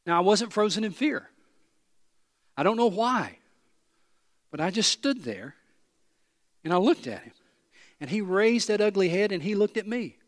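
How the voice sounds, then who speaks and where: A man preaching in a slightly high voice. He tells stories with a lot of animation, jokes at his own expense and hammers his points home by repeating them. The sound is close and dry. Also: a little slow, pauses often, dry recording. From East Tennessee. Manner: animated storytelling, self-deprecating humor, emphatic repetition. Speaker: pastor. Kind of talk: sermon.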